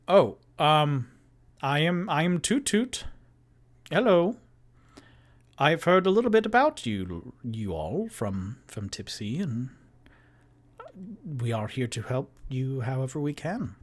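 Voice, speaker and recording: A man's voice: on the high side, sing-song, slow, pauses often, voice pushed up. A man voicing Toot Toot, a shy and polite young adventurer who speaks hesitantly.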